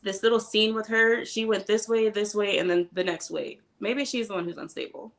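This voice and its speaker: A woman with a gravelly, fry-tinged voice weighs in as a panelist on a reality TV chat. She speaks candidly and shares plain opinions in a relaxed, conversational way. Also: mid-range voice, normal speed. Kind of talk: casual commentary.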